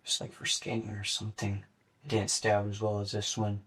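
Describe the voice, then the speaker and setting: A young man in his late teens gives a police interrogation statement in a low, flat, matter-of-fact voice, halting with fillers. He is picked up by a distant mic in an interrogation room, so he sounds far away. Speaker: murder suspect being interrogated.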